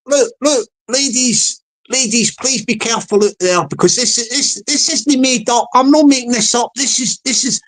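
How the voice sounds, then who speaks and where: A man's voice: extremely high pitch, moderate pace, hardly any pauses, fairly bright tone. A man vlogging comic commentary, rambling along with many stammered restarts.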